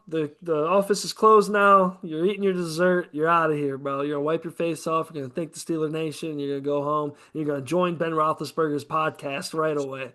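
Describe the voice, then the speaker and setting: A man's voice: on the high side, pushed and bright. A man co-hosting a casual sports podcast, rambling and profane about football teams. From American Midwest. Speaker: podcast co-host.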